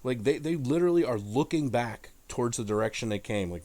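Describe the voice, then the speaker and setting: A man's voice: mid-range voice, lively intonation, brisk, mellow. A man hosting an irreverent Bible commentary in a casual, profane, joking way. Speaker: host.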